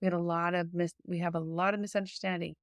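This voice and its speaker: A woman's voice: lowish voice, level tone, fast, dry recording. A woman podcast host coaching her listeners in a casual, chatty monologue, full of fillers and restarts.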